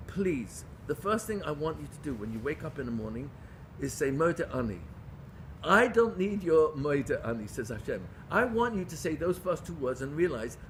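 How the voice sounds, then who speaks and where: A middle-aged man teaching a lively religious class in a fairly high voice. He leans into each point, repeating phrases for stress and asking rhetorical questions. A faint background hiss sits under his voice. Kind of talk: lively Torah lecture.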